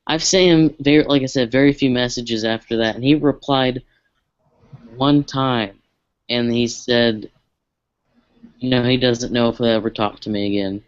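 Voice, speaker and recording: A man chatting casually and confiding, hesitant and full of fillers. His voice is smooth and resonant, recorded dry with no room around it. The sound is dull and lo-fi. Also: mid-range voice, fairly even intonation, moderate pace, no room sound. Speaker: podcast co-host. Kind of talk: casual chat.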